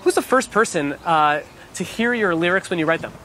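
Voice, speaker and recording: Quick, lively male interviewer. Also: high voice, slight background noise. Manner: upbeat, quick, teasing. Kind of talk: rapid-fire interview questions.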